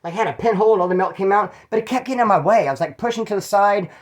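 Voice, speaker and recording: A man's voice: sits high, racing. A man from California telling stories in a casual, rambling way, full of street slang and swearing. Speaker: channel host telling prison stories. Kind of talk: casual storytelling.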